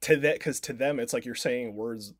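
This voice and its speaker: A man at a middle pitch talks through a film plot on a casual podcast, loose and rambling. He leans on filler words and curses freely. The sound is dry and close, with no room around it. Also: normal speed, no room sound. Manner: rambling, full of "like" fillers and swearing. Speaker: podcast co-host.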